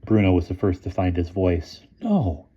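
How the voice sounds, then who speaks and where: Low mellow guy reading a kids' book aloud, kinda muffled lo-fi audio. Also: little pitch movement, moderate pace. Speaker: audiobook reader. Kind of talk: reading a children's novel aloud.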